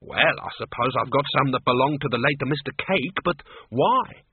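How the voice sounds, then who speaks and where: A man's voice: mid-range voice, expressive, normal speed, husky, no echo. A man voicing a plain-spoken older woman medium who talks in a matter-of-fact way in a storybook reading, on a thin, tinny recording.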